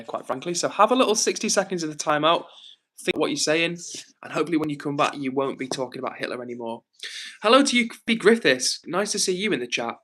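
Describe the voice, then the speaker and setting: A man hosting a live stream, chatting casually and reading viewer comments aloud in a gentle, reassuring way. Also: fairly high pitch. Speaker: livestream host reading chat.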